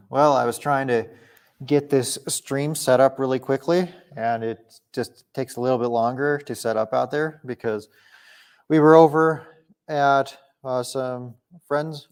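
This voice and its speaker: A young man from Minnesota hosting a casual livestream Q&A, chatty and quick to laugh. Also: medium pitch, smooth. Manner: chatty, laughs often, restarts sentences. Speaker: livestream host. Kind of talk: casual live Q&A. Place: home, indoors.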